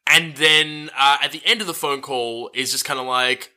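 A man casually recapping a movie with a friend, relaxed and full of fillers. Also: medium pitch, moderate pace. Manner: relaxed, filler-heavy, says dude. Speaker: podcast co-host.

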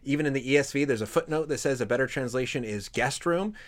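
A man's voice: mid-range voice, quick pace. A man hosting a casual interview, asking long, thoughtful questions with some hesitation. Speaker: podcast host.

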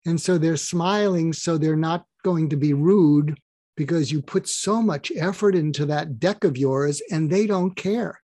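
Animated man telling teaching stories. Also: fairly high pitch, measured pace, no room sound. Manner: animated storyteller who acts out dialogue. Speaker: podcast guest. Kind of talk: conversational interview, explaining with stories.

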